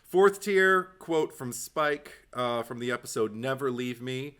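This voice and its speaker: A man co-hosting a podcast in casual chat, talking haltingly with many fillers and restarts and laughing often. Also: medium pitch, animated, a bit bright, clean tone. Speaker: podcast co-host.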